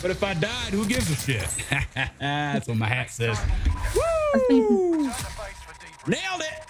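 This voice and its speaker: Live-streaming a shooter game, a man jokes and swears with his co-player and chat, sometimes breaking into song. His voice is a little high, sing-song and a bit slow, and the very noisy audio has game music behind it.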